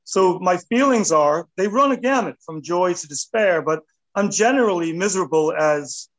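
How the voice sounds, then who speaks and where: Animated man in his fifties. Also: sits high, moderate pace, poor audio. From United States. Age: 50s. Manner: animated, rambling, self-deprecating. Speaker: artist guest. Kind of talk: casual interview chat.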